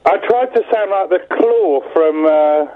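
A man's voice: high-pitched, a little slow, slight background noise. Rambling male caller on a tinny phone line. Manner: rambling, muddled. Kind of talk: phone-in call. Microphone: telephone.

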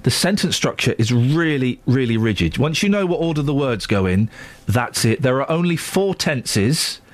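A man's voice: medium pitch, expressive, normal speed, dry recording. A man presenting a morning radio show, full of playful, jokey banter. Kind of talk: casual breakfast radio chat. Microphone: studio microphone.

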